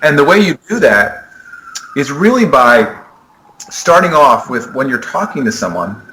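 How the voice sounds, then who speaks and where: A sport psychologist earnestly explains his ideas in a conversational podcast interview, often restarting his sentences. His mid-range voice has a sharp tone, and the recording quality is low.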